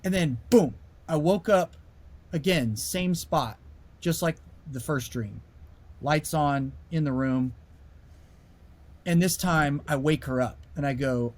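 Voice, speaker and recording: A man, a musician being interviewed, telling a story in a lively way and raising his voice sharply when he acts out what people said. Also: a little high, measured pace. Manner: animated storyteller, voice rises sharply when acting out quoted lines. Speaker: musician guest.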